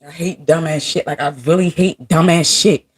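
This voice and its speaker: A woman's voice: low-pitched, steady tone, moderate pace, noisy background. A woman in her thirties ranting to her viewers in a casual vlog, blunt and heavy on profanity. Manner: blunt, profane, venting angrily. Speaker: vlogger.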